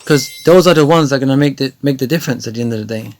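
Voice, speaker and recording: A man giving chatty, rambling gameplay tutorial commentary that often turns excited. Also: medium pitch, racing. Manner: chatty, rambling with many fillers, grows excited. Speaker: gaming video creator.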